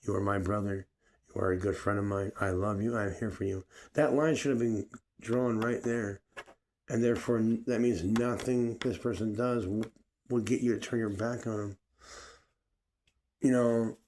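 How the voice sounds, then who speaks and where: A man's voice: lowish voice, a little mellow. A man talking through a personal reflective monologue, rambling and searching for words with many fillers. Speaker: vlogger.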